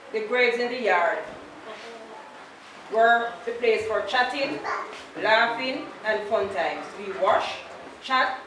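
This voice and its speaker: A woman's voice: fairly high pitch, fairly bright tone. A Jamaican woman in her fifties giving a funeral eulogy, telling stories and slipping into patois quotes. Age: 50s. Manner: anecdotal storytelling, slips into patois quotes. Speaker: eulogist, daughter of the deceased. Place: large church. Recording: echoey church, distant and noisy.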